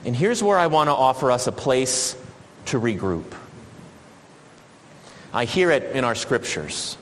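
Reflective preacher, lively pitch, echoing hall. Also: male voice, slight background noise. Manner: reflective, measured preaching with dramatic slow pauses. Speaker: pastor. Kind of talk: sermon.

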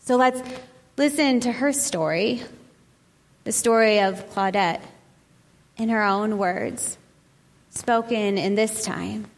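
A woman giving an earnest, measured talk and reading a first-person account aloud, slowing on key phrases for emphasis. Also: mid-range voice. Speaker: speaker reading a memoir aloud. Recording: long hall reverb.

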